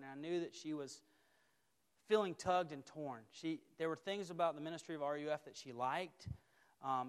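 A man preaching a sermon as a campus minister. He speaks emphatically, building repeated phrases and dropping to quiet intensity. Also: a little high, smooth. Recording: long hall reverb.

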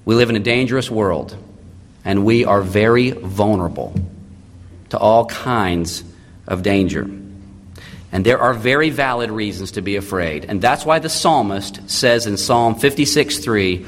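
A man in his thirties preaching a sermon as a pastor, swinging between loud emphatic lines and quiet intimate ones. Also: on the low side, lively intonation, measured pace, big-room sound.

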